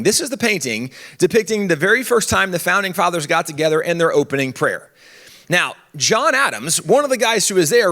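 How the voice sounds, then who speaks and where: A man addresses a conference crowd from the stage, his fairly high voice swinging widely as he talks. He keeps it conversational and funny, slipping in quick asides as he goes. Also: fairly bright tone. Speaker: conference speaker on history. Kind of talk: animated conference talk.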